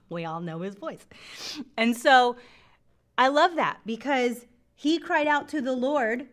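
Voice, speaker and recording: A middle-aged woman hosting a faith show, teaching from the Bible with lots of laughter and acted-out voices. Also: a little high. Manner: laughs often, acts out scripture voices. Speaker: faith podcast host.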